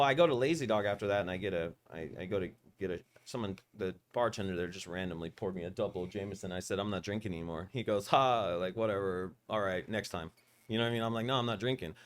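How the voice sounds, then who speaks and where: Man, podcast host, rapid-fire rambling stories, lowish voice, swears freely. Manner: rambling, profane, animated storytelling. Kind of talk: casual storytelling interview.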